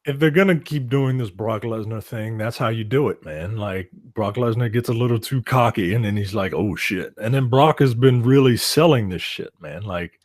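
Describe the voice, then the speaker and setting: A man's voice: mid-range voice, moderate pace, hardly any pauses, darkish tone, no room sound, studio quality. A man co-hosting a casual wrestling chat, rambling and swearing, full of "like" and "man". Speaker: wrestling podcast co-host.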